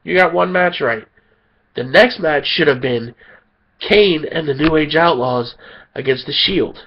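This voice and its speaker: A man rants with heated indignation, sounding tired and a bit sick. His voice sits fairly high for a man. The recording is dull and lo-fi. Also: a little slow, husky. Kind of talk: angry opinion rant.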